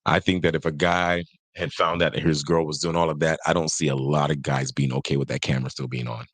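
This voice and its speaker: A man's voice: extremely low pitch, steady tone, quick pace, fairly bright tone, no room sound. A young man talking in a casual podcast chat, emphatic and given to acting out what people said. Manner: emphatic, acts out quoted voices. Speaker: podcast co-host.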